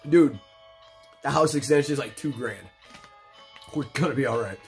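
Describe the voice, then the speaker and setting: A man's voice: medium pitch, moderate pace, soft background music. A young man hosting a let's play, chatting casually in a rambling, profane, laid-back way while stoned. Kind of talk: casual gameplay commentary.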